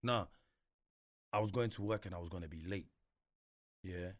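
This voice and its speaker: A young man from Congo with a London accent is a guest in a casual interview, telling stories from his life in heavy street slang. He retells events animatedly, voicing the quotes himself, in a low voice at a moderate pace, recorded dry with studio quality.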